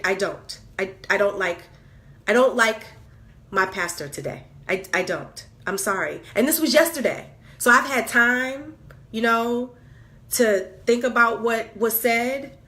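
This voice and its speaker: A woman's voice: fairly high pitch, a bit bright. A woman venting candidly on camera, exasperated and repeating herself with stammered restarts. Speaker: vlogger.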